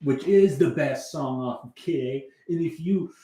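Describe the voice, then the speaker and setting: A man's voice: mid-range voice, a little slow, warm tone. A man chatting casually on a music livestream, rambling and meandering, swearing offhandedly and answering his chat as he goes. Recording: echoey room.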